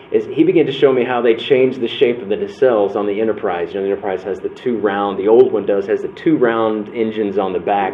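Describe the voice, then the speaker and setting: A man giving a conversational talk at a church workshop, telling personal stories and acting out the quotes. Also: on the low side. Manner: conversational, restarts and acts out quotes. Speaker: breakout session speaker. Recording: tinny phone-like sound with faint noise.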